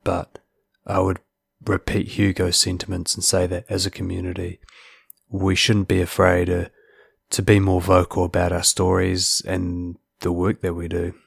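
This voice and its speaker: A man's voice: low voice, monotone, moderate pace, vocal fry, slightly rough, no room sound, studio quality. A man hosting a podcast, talking earnestly in casual chat and restarting his words often. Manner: earnest, repeats words when starting sentences. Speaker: podcast host. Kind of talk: casual interview chat and outro.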